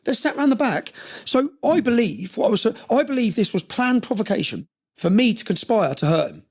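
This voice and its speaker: A man's voice: extremely high pitch, lively intonation, moderate pace, darkish tone, slightly rough. A man telling a story intensely in an interview, often checking in with "yeah?" and acting out what others said. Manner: recounting with quoted dialogue. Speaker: interview guest.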